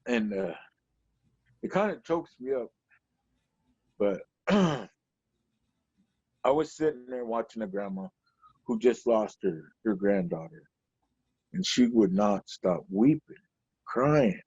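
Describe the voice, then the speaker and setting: A man's voice: lowish voice, lively intonation, takes it slowly, long pauses, darkish tone, slightly rough, dry recording. A stand-up comedian from Portland, Oregon, a man telling stories in a loose, rambling way, full of "you know". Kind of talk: conversational storytelling. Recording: dull lo-fi recording, dry.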